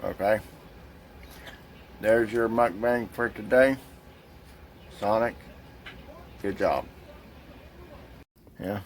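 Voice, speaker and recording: A man's voice: on the low side, fairly even intonation, very slow, long pauses. A man vlogging from his car, ranting and swearing freely in a casual way. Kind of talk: casual vlog while driving. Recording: car noise behind the voice.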